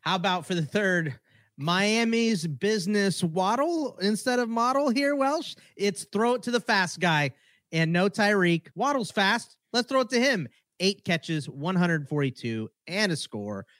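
A man's voice: high-pitched, lively intonation, a little slow, a bit bright, dry recording, studio quality. A man co-hosting a fantasy football podcast, teasing his partner and delivering punny headlines. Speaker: podcast co-host. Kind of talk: casual sports podcast banter.

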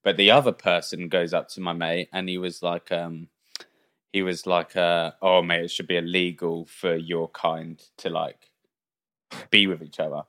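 A young man, co-hosting a casual podcast. He tells stories animatedly and puts on voices for the people he quotes. His voice sits slightly low, and he swears freely. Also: flat delivery, normal speed, bright, forceful tone. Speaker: podcast co-host. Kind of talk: casual chat.

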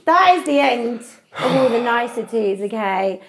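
A young woman hosting a casual podcast, explaining a game briskly and bossily. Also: fairly high pitch, expressive, gravelly, slight background noise. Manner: brisk, bossy explaining with swearing. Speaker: podcast host.

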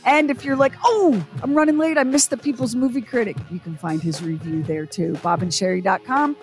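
A woman's voice: a little high, brisk. Chatty female co-host over faint music. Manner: chatty, plugging the show's website. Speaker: radio show co-host. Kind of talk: casual radio chat.

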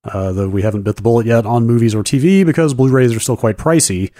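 Man, podcast co-host, reading a listener email, steady middle-pitched voice, dry studio mic. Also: quick pace, no echo.

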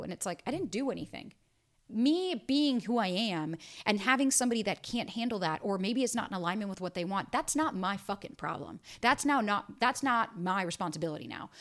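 A woman in her thirties hosting a casual solo podcast, talking bluntly and emphatically and swearing freely. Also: mid-range voice. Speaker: podcast host and dating coach.

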